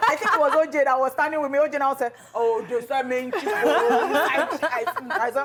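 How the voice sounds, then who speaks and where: Excitable woman co-hosting a chat show. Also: sits high, heavy background noise. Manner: excitable, quick to laugh. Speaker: talk show co-host. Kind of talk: casual interview chat.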